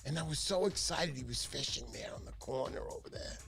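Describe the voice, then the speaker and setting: A middle-aged man hosting a casual livestream, telling excitable stories and acting out the voices of the people in them. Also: fairly high pitch, fairly quick, gravelly, faint music behind. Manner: excitable storyteller, acts out voices in his stories. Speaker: livestream host.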